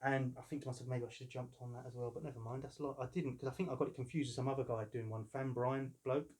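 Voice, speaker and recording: A man of about fifty, chatting casually and telling jokey stories as he unboxes a collectible. His voice sits at a plain mid pitch, and he rambles with easy humour. The sound comes from a camera mic indoors at home. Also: steady tone, fast, darkish tone. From London, England. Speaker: collector reviewing a figure.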